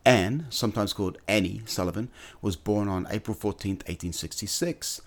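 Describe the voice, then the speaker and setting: Man, low deep voice, earnest podcast host, storytelling monologue. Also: normal speed. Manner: earnest, storytelling, occasional filler words.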